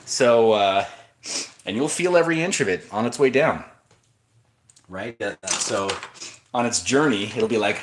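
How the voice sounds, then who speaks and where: A man's voice: lowish voice, expressive, a little slow, pauses often, background noise. A man hosting a casual livestream, talking in a rambling way, answering viewer comments and often restarting his sentences. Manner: rambling, with frequent restarts and asides. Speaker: livestream host.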